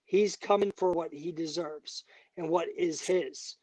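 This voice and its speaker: A man's voice: fairly high pitch, fairly even intonation, measured pace, darkish tone, dry recording. A man, a bare knuckle fighter, talking as a guest in a heated interview, angry, emphatic and profane.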